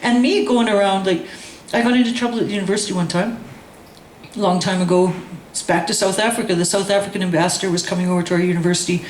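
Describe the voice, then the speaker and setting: A woman telling a personal story in a lively, animated way, acting out the voices of others with laughter. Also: mid-range voice, quick pace, echoey room, a little hiss or hum. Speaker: guest storyteller. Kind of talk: casual storytelling.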